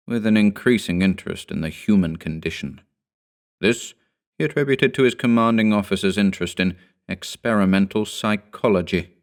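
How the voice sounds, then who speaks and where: Low-voiced guy reading a creepy story, calm and serious, clean smooth tone. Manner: measured, somber first-person storytelling. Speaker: horror story narrator. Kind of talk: scripted narration.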